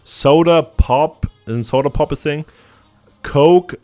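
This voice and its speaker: A man's voice: a little high, slow pace, mellow, faint music behind. A young German man with a German accent, a streamer ranting through a quiz in sarcastic, profane banter. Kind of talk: casual reaction to an online quiz.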